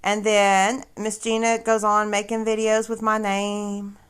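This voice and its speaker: A woman's voice: medium pitch, monotone, measured pace, fairly bright tone, clean tone. A woman hosting a casual livestream, talking straight to her viewers in a sarcastic, mocking way. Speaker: livestream host.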